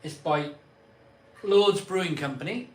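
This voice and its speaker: Chatty man reading viewer comments. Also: fairly high pitch. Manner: chatty, rattles off place names in a quick list; swears mildly, jokey banter with viewers. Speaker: live stream host. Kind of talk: casual live stream chat, reading out viewer comments.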